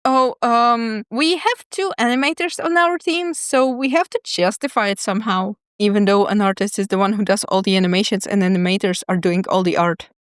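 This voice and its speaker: A woman's voice: medium pitch, a little fast, hardly any pauses, echoey room. A young woman from Czechia narrating a storytime animation, chatty and lightly self-mocking. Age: young adult. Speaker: student animator and devlog narrator.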